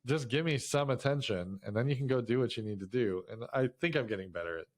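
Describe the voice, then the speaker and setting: A middle-aged man and teacher co-hosting a podcast in casual chat, an animated storyteller who laughs often. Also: mid-range voice, fast. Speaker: podcast co-host, teacher of young kids.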